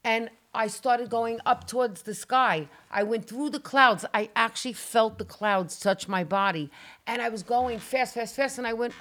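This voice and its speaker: A woman telling a frightening personal story on a casual talk show, animated and dramatic, acting out her own cries and swearing as she goes. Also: a little high, moderate pace.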